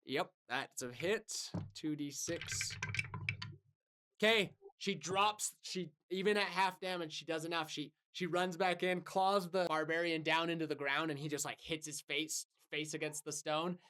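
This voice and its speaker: A game master narrating a tabletop game in a casual, animated way, often laughing. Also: medium pitch, measured pace.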